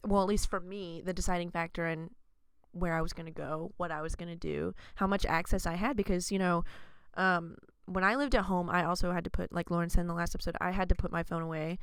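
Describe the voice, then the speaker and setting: A young adult woman from Arkansas hosts a casual student podcast, chatting in a relaxed, rambling way full of fillers. Her voice is fairly low and smooth, and she talks fast with few pauses; there's no echo.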